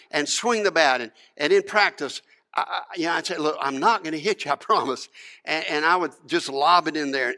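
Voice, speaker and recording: Folksy pastor telling a story. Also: male voice, on the high side, sharp tone. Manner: folksy, conversational, many restarts and asides. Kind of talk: sermon with personal storytelling.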